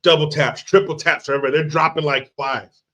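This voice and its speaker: A man's voice: on the high side, fairly even intonation, fairly quick, sharp tone. A man ranting in a movie commentary, profane, sarcastic and heated. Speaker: movie reviewer.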